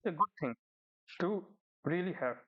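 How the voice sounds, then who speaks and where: A man's voice: sits high, lively intonation, moderate pace. Indian man reacting, tinny phone-like sound. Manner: hesitant, full of fillers and tag questions. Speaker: reaction video host. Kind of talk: casual reaction commentary.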